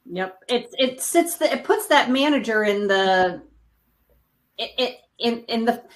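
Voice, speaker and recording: A middle-aged woman hosting a live panel discussion, talking with restarts and quick asides. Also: a little high, animated, rough recording. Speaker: panel host.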